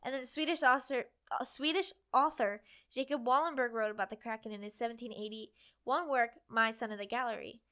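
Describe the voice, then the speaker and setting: A woman's voice: on the high side, brisk, bright, forceful tone, clean tone. A young woman co-hosting a casual chat, reading passages aloud and insisting on getting through them. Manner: chatty, lots of "like", insistent when reading. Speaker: co-host.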